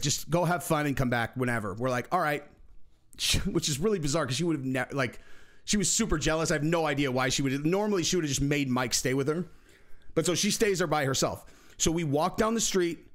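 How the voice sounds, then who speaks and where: A young man hosting a channel, telling a story in casual, profane talk, acting out other people's voices. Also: on the high side. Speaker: channel host.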